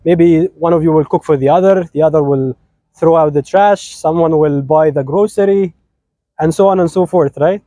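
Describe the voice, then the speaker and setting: A man with an Egyptian accent, whose first language is Arabic, officiates at a wedding with an informal, joking sermon. He talks at normal speed in a voice that sits high for a man yet sounds dark and mellow, and he keeps chatting, teasing and asking "right?". The recording is dry, with no room echo.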